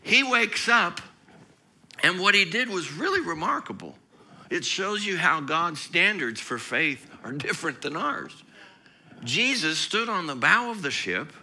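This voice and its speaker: Male pastor preaching, high-ish bright voice, very lively, big emphatic swings. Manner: animated, swings to loud emphatic outbursts. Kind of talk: sermon.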